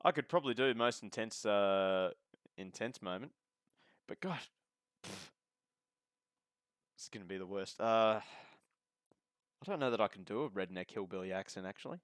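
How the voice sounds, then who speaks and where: A man's voice: on the low side, a little slow, pauses often, no room sound, studio quality. A man giving casual live sim racing commentary as host of the stream, chatty and joking with the viewers. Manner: chatty, joking, talks to chat.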